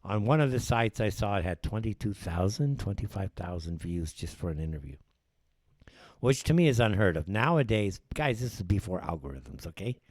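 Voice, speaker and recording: A man's voice: fairly low pitch, lively intonation, normal speed, darkish tone, no room sound. A man hosting a live show, ranting in heated, sarcastic commentary. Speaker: show host. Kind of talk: livestream commentary.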